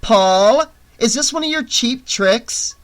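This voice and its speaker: A wry teenage babysitter with a sharp, teasing tongue, as a male narrator puts her on. She talks high and light in this storybook reading, dry and mocking. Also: very animated, measured pace, full character voice. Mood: nervous calling. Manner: teasing, sarcastic.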